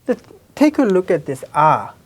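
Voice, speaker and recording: A woman's voice: on the low side, very animated, moderate pace, husky. A woman teaching a language lesson, patiently repeating sounds and checking in with her students. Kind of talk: slow explanatory lesson with spoken examples.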